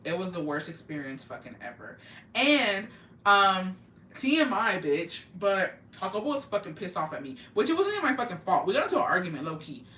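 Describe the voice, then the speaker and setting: A woman's voice: mid-range voice, big pitch swings, brisk, pushed and bright. Swearing woman telling a storytime. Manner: profane, blunt, switches into Spanish words. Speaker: vlogger. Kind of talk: casual storytime. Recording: echoey room, mic at a distance.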